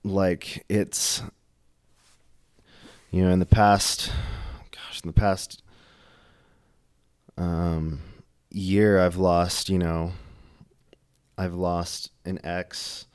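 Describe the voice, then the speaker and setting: A young man co-hosting a church podcast, talking in a casual, halting way full of fillers and restarts. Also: deep voice, level tone, darkish tone, smooth. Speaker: podcast co-host. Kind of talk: casual faith discussion.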